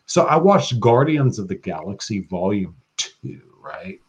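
A man talking as a podcast guest in casual chat, excitable and profane, breaking into loud bursts when quoting. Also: mid-range voice, measured pace, creaky, breathy edge. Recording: dull lo-fi sound.

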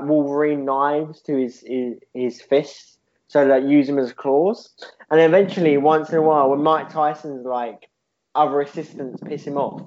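A man's voice: a little high, darkish tone, muffled recording, a little hiss or hum. A man co-hosting a podcast in casual chat, rambling through a silly story with laughs and swearing. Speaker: podcast co-host.

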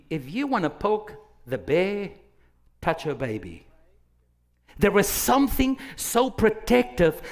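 A middle-aged male pastor preaching a sermon, animated, acting out quotes with big swings from quiet to loud. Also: high-pitched. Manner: animated, dramatic swings in loudness, acts out quotes.

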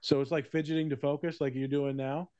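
A man's voice: fairly high pitch, level tone, brisk, dark tone, clean tone, no echo. Male podcast host, profane storyteller, dry and dull-sounding recording. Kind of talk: casual podcast chat.

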